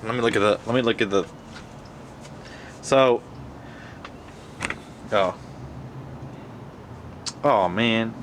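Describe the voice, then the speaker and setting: A man's voice: fairly low pitch, slow pace, pauses often. A young man chatting casually to his camera, rambling with lots of fillers and slang. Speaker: vlogger. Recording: steady background noise.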